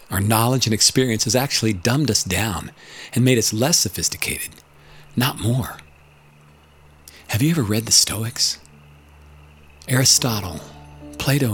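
A man's voice: fairly low pitch, fairly bright tone. An older man narrating in a reflective, scripted way, earnest and building rhetorical lists.

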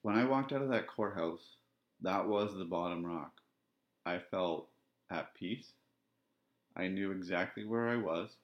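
A man hosting a podcast, telling a personal story in a reflective, halting, candid way. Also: deep voice. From Canada. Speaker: podcast host. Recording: dull lo-fi sound.

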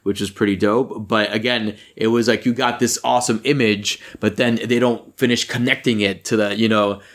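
A man's voice: on the low side, normal speed. Rambling, profane man reviewing a movie. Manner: rambling, profane, animated when annoyed. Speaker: podcast co-host. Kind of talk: casual movie review chat.

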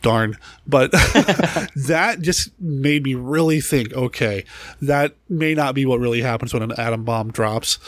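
A man's voice: mid-range voice, unhurried, no room sound. Brief: male podcast co-host, casual film talk, laughs often, dry close sound. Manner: chatty, laughs often, trailing restarts.

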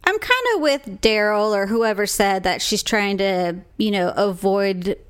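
A woman in casual chat, teasing her friend with quick jokes. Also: medium pitch, expressive, smooth. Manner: teasing, quick joking interjections.

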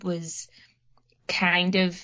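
A woman's voice: fairly low pitch, monotone, drawn-out words, bright, forceful tone. A young woman with a Northern Irish accent chatting casually on a podcast, rambling anxiously with lots of fillers. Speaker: podcast co-host. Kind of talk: casual chat. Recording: muffled lo-fi audio.

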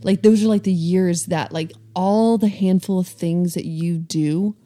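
Earnest woman, mellow and low. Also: fairly even intonation, a little slow. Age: 40s. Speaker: podcast co-host. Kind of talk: casual chat.

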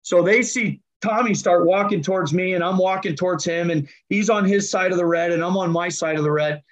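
A man with a noticeably high voice tells hockey stories as an interview guest, slipping into other people's voices as he goes. His sound comes through dull and lo-fi, with the top end rolled off. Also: brisk. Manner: animated, acts out voices while telling stories. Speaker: hockey coach and general manager, guest. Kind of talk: conversational interview storytelling.

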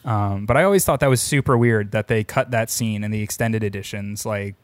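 A man's voice: fairly low pitch, a little fast, no echo. A man in casual conversation, retelling movie scenes and putting on silly voices for characters.

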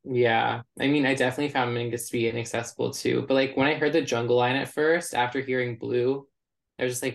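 A man's voice: mid-range voice, fairly even intonation, fast talker, gravelly. A man co-hosting a podcast, chatting casually in an eager, self-deprecating way. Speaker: podcast co-host. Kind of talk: casual chat.

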